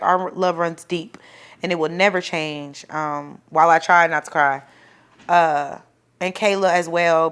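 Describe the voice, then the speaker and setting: A young woman telling the story of her home birth to the camera, casual and profane, acting out what people said loudly and growing soft and quiet when emotional. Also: on the low side, clear, resonant tone. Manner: animated, profane, acts out quoted voices loudly.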